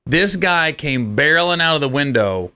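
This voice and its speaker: A man's voice: on the high side, expressive, normal speed, pushed and bright, smooth. A man, a comedian guest, telling comic stories in conversation and laughing through them.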